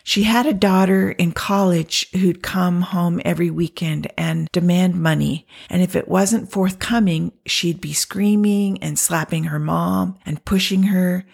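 A woman counselor telling a client story in a soft storytelling talk, often dropping to a near-whisper when quoting people. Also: on the low side, fairly even intonation, a little slow, gravelly, hardly any pauses, slightly rough.

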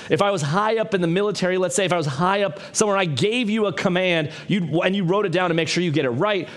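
A man preaching a sermon in a church, his voice pitched a little high. He talks in a casual, conversational way, rises and drops a lot as he makes his points, and drops in jokes at his own and the congregation's expense. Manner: conversational, animated, self-deprecating humor. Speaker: pastor.

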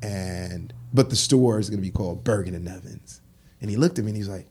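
Husky low-voiced guy telling his story, does little voices for quotes. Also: fast talker. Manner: animated, acts out quoted dialogue. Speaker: guest, clothing store founder. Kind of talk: casual interview storytelling.

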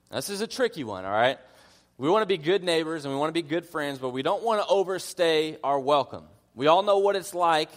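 A man preaching a conversational sermon as a pastor, earnest in his teaching and mixing in humorous personal asides. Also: on the high side. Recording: long reverb of a large hall.

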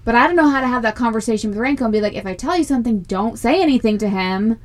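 Chatty higher-pitched woman telling a story. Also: racing. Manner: animated storytelling that acts out quoted family members. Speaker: podcast co-host and mother. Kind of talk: casual chat.

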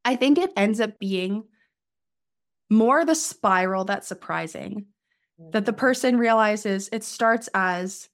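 A woman's voice: medium pitch, a little slow. A woman life coach speaking as an interview guest, explaining her approach and acting out the inner voices of her clients.

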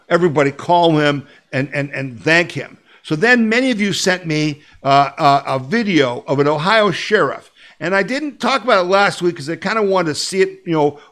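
A man's voice: fairly high pitch, fairly bright tone. A middle-aged man hosting a political podcast, talking in a fiery, sarcastic way and reading a piece aloud with strong emphasis. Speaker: podcast host.

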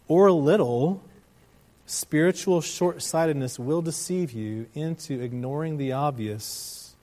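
Male pastor, slightly high-pitched, emphatic sermon delivery, rhetorical questions, slows down on key words. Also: mellow.

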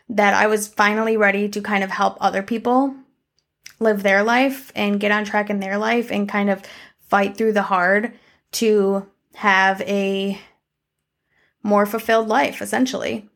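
A woman's voice: mid-range voice, fairly even intonation, measured pace, vocal fry, long pauses, a bit bright. A young woman telling a candid personal life update to her camera in a casual, conversational way, full of fillers and the odd swear word. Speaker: vlogger.

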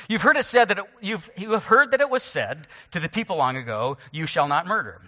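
A male pastor with a bright, tense voice, pitched a little high, preaching to his congregation. He moves between explanation and light self-deprecating asides. The sound is dull and carries a long church reverb. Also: expressive, fairly quick. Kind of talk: sermon. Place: church sanctuary.

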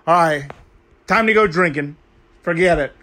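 This is a comic character monologue, with a man voicing a young male sports fan who cannot let a loss go. He rants crudely and with exasperation, voice held high and thin, swinging between disbelief and open cursing. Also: moderate pace, pushed and bright. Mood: fuming. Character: fired-up young male football fan, ranting.

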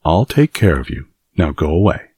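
A man's voice: extremely low pitch, sing-song, normal speed, darkish tone, breathy edge, dry recording, studio quality, heavily acted. A man reading an audiobook voices a spoiled, sickly rich boy who speaks in a grand, commanding way. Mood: imperious.

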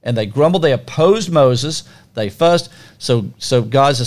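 Male podcast co-host, mid-pitched, lively storyteller who plays out scenes with sound effects. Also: unhurried. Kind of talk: casual conversational Bible teaching.

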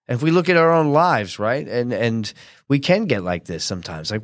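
This is conversational sermon teaching from a man preaching in a relaxed manner at normal speed, his pitch ordinary and mid-range. He animates quotes by acting them out and keeps asking listeners tag questions, all recorded close and dry without room echo.

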